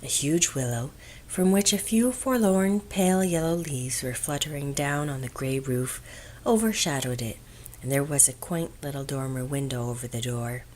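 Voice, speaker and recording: A woman narrating an audiobook of a classic novel in a gentle, measured storytelling voice that often drops to a hush. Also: a bass voice, a little hiss or hum.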